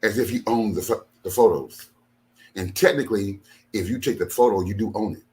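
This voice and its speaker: Angry deep-voiced older man venting. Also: fairly quick, darkish tone. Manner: aggrieved, repetitive, emphatic. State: tired after a sleepless night. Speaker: ministry leader. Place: home studio.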